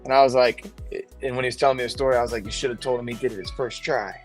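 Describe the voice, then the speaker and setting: A man's voice: medium pitch, fairly even intonation, very fast, music in the background. Window tinter guest, male, casual chatter, likes to act out quotes. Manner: loose storyteller, acts out quoted voices, swears. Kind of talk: casual chat.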